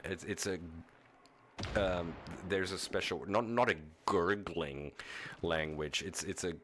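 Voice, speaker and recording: A man's voice: deep voice, takes it slowly, fairly bright tone, a little hiss or hum. A man from Germany chatting casually while streaming a video game, rambling with chuckles and frequent restarts. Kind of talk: casual gaming stream commentary.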